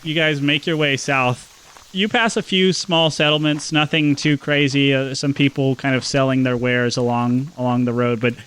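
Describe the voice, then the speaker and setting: A man's voice: medium pitch, steady tone, normal speed, fairly bright tone, smooth, low-quality recording. A man running a tabletop game as game master. He narrates casually, with loose phrasing and restarts.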